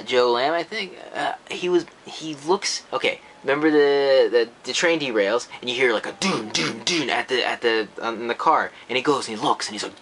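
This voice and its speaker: A young man giving a casual, profane film rant, animated and mocking, in a room with faint noise. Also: medium pitch. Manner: animated, mocking voices, frequent swearing. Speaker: vlogger reviewing films.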